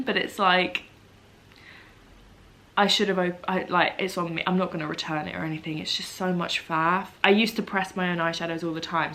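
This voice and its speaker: A young woman chatting casually to a camera on a tripod at home, self-mocking and lively. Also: lowish voice. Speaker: beauty vlogger. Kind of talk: casual vlog chat to camera. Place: home room at a table.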